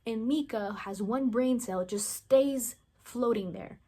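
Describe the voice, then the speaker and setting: A woman with a fairly high voice rambles through a casual movie recap. She fills her sentences with "like" and drops blunt, mocking asides about the characters. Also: takes it slowly, dark tone. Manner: rambling, chatty, heavy use of "like", acts out characters' lines. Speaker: movie reviewer.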